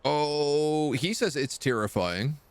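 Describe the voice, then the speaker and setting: A man talks through a video game stream, his pitch jumping up and down as he chats and reads the on-screen lines aloud. The sound is dry and close to the mic. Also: lively intonation, takes it slowly, clear, resonant tone, dry recording. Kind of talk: casual game commentary.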